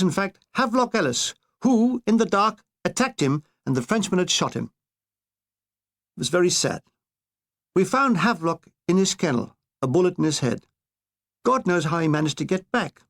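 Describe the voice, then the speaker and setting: An older man reading his own comic memoir with wry, deadpan asides. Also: sits high, moderate pace. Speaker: author narrating his memoir.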